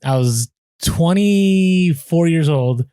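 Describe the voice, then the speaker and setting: A man with a mellow, warm voice co-hosts a podcast, reading out figures and breaking off for casual asides. He sits close to a studio mic, and the room sounds dry. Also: a little high, animated, slow, smooth, dry recording. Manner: reads out statistics with offhand asides. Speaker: podcast co-host.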